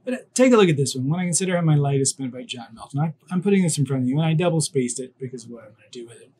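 A man's voice: fairly high pitch, expressive, very fast, warm tone. A man teaching a recorded online class, talking casually and thinking aloud as he works through an example step by step.

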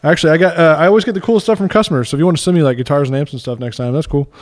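A man co-hosting a podcast in casual chat, chatty and quick to laugh as he tells loose stories. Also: on the high side. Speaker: podcast co-host.

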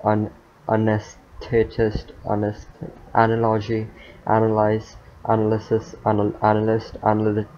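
A man reading dictionary words aloud one after another, in a monotone, with stumbles, fillers and muttered asides. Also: fairly low pitch, normal speed. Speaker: youtuber. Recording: dull lo-fi mic with faint noise.

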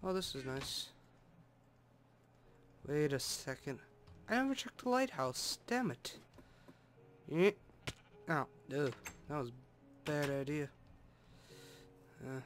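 A man's voice: a little high, animated, slow pace, pauses often, slight background noise. A man rambling casually through gameplay commentary, full of hums and asides. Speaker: let's play host. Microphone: desktop microphone. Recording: music playing loudly in the room.

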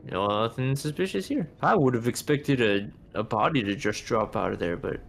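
A man's voice: mid-range voice, expressive, moderate pace, gravelly, a little hiss or hum. A man chatting casually beside a game player, making dry joking remarks. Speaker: co-commentator.

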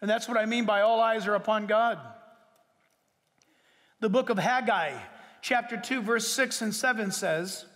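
A man delivers a sermon from the pulpit, his voice sitting very high. He preaches emphatically, jumping in pitch and stretching out words for weight. The sound carries a long reverb from the church hall. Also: a little slow, pauses often, a bit bright. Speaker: pastor. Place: church sanctuary.

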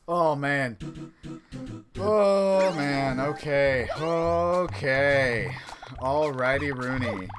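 A man giving gameplay commentary, excitable and quick to yell in frustration before muttering again. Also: on the high side. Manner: excitable, swings between muttering and frustrated shouting. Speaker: let's play host. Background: game music.

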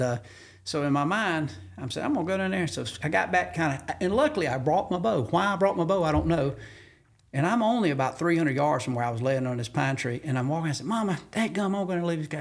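A man from Georgia with a Southern accent, a podcast guest telling a hunting story in an animated way and acting out the quotes with sudden jumps in pitch. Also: creaky. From Georgia, USA. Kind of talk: animated storytelling in casual conversation.

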